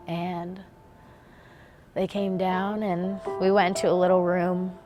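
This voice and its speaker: A woman's voice: fairly low pitch, unhurried. A woman recounting a hard memory in a documentary interview, acting out what people said and laughing through the emotion. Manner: animated, acts out remembered dialogue, laughs through emotion. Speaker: former gymnast interviewee. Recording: music bed underneath. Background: music.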